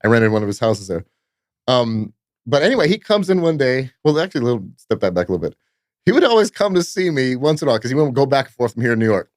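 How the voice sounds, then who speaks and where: A sing-song, darkish medium-pitched voice moves at a quick pace in a studio recording with no room sound. It belongs to a nightclub promoter from Fresno, California, who spins rambling, profane podcast stories punctuated by "blah, blah, blah."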